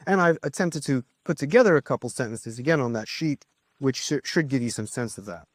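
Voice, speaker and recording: A man's voice: mid-range voice, expressive, brisk, no echo. A man giving a philosophy lecture to a class, thinking aloud with small restarts and asides.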